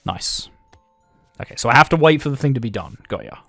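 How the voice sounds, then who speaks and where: A gravelly-voiced Australian man talks through a video game in a casual, self-deprecating way, thinking aloud as he goes. His pitch jumps around a lot. The sound is close and dry, with faint game music underneath. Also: expressive, fairly quick, a bit bright, no room sound. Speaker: gaming channel host. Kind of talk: let's-play commentary.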